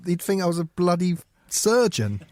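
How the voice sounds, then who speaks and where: A man's voice: high voice, sing-song, normal speed, darkish tone. A man telling comic anecdotes on a radio show, laughing and acting out voices. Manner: laughing storyteller, acts out voices. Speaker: radio guest.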